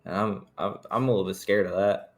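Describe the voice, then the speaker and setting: A man with a somewhat low voice playing a tabletop game. He speaks in character, hesitant and stammering, and keeps restarting his sentences. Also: fairly even intonation, brisk, faint music behind. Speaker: player.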